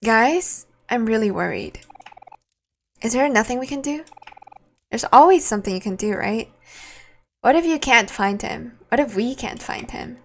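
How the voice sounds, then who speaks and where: A woman's voice: fairly high pitch, lively intonation, moderate pace, pauses often, fairly bright tone. A woman reading game dialogue aloud for an anxious teenage girl fretting over a missing friend. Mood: worried.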